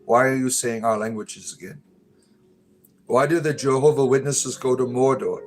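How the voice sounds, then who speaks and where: A man's voice: medium pitch, normal speed, soft background music, natural voice. An American man voicing his grumbling Welsh ancestor spirits, scolding him in his own voice.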